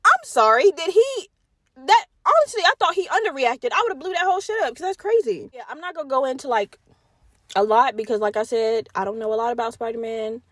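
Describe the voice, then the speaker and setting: Animated young woman chatting on her podcast. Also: sits high, no room sound, clean studio sound. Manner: animated, profane, talks straight to listeners. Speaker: podcast host. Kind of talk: casual solo chat.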